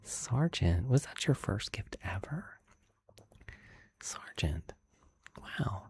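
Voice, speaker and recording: A man hosting an ASMR live stream, whispering softly and chatting casually, greeting viewers by name and laughing often. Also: on the low side, very animated, takes it slowly, breathy edge, no echo.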